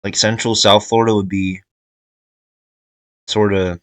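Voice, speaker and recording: A man's voice: fairly low pitch, little pitch movement, measured pace, a bit bright, no room sound, poor audio. A young man giving casual tier-list commentary, thinking aloud with fillers and restarts. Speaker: video creator ranking states.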